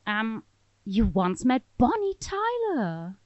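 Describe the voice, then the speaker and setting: Woman, podcast host, slow unhurried questions, lively rising and falling voice, dry lo-fi sound. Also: fairly high pitch, no room sound. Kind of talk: interview. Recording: dull lo-fi sound.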